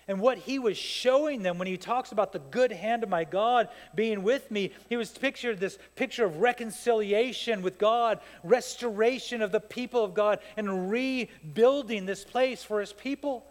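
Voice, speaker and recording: A man preaching a sermon as pastor, telling stories in an animated way that builds to fired-up peaks. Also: high voice, normal speed, few pauses. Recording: long hall reverb.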